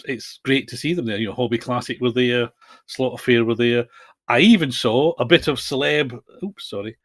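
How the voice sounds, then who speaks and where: A man's voice: medium pitch, no room sound. A man co-hosting a podcast, chatting in a rambling way and searching for words. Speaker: podcast co-host. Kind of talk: casual chat.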